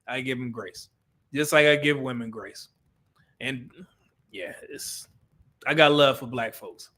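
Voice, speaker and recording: A man's voice: medium pitch, measured pace, bright, forceful tone. A man hosting a live stream, chatting casually, reading viewer comments and laughing often. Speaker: livestream host reading chat.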